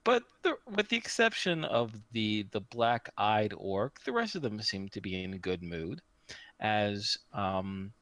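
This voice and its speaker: A man narrating as game master, describing scenes slowly with many fillers. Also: fairly low pitch, lively intonation, a bit bright, no echo. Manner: slow, rambling descriptions with fillers.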